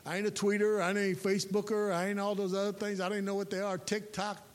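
A chaplain preaching a sermon in a folksy, emphatic way, his voice rising to loud peaks. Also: high voice, level tone, quick pace. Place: church sanctuary. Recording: reverberant hall with faint hiss.

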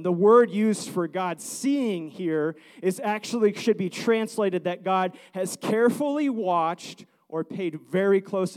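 Male pastor, thirties, high voice, earnest sermon delivery that swells into pleading repetition. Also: darkish tone. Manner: earnest, repetitive, rising to fervent pleas.

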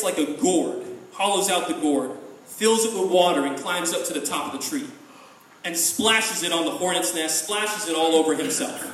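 A man telling a folk tale in a lively, chatty way with asides to listeners, recorded in an echoey room from a distance. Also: sits high, a little hiss or hum. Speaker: storyteller.

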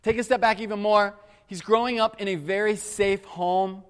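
A man's voice: sits high, normal speed, clean tone. Earnest preacher man in a reverberant hall. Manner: earnest, animated storyteller who addresses the crowd as guys. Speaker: pastor. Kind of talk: sermon with personal storytelling. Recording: long reverb of a large hall.

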